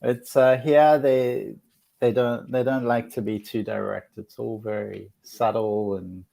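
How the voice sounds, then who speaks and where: A man living in Australia, hosting a relaxed chat as a psychic, earnest and often restarting his phrases. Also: mid-range voice, measured pace, vocal fry. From born outside Australia. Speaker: psychic host. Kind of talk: casual chat.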